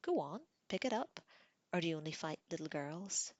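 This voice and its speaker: Seorang perempuan membacakan suara pangeran remaja laki-laki yang kejam, mengejek dan angkuh. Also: female voice, sits low, lively intonation, moderate pace, no echo, dull audio. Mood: taunting. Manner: sneering, taunting. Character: cruel arrogant teenage prince, boy.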